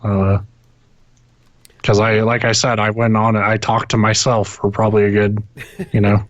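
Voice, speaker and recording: Low-voiced man on a dull, dry call. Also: monotone, normal speed, dry recording. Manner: rambling, swears a lot, many restarts. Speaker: podcast co-host. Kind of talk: casual gaming chat. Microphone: internet call.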